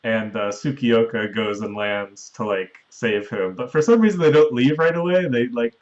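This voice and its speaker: In a muffled recording, a podcast host with a mid-range voice walks through a movie's story in detail at a moderate pace, with an occasional chuckle during the casual chat.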